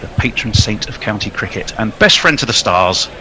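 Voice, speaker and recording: A man's voice: on the low side, sing-song, moderate pace, pushed and bright, a little hiss or hum. A man hosting a casual podcast chat, introducing guests with playful, jokey billings. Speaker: host.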